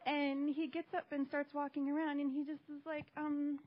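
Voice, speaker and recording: A woman telling a personal testimony in a casual, animated way, acting out the voices she quotes. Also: high-pitched, fairly quick, few pauses. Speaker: church member sharing a testimony. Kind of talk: casual storytelling. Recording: dull lo-fi recording.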